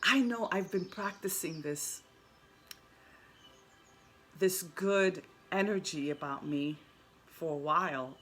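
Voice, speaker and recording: A woman's voice: low voice, a little hiss or hum. Earnest woman telling a personal story. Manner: earnest, repeats words, restarts often. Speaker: spiritual vlogger.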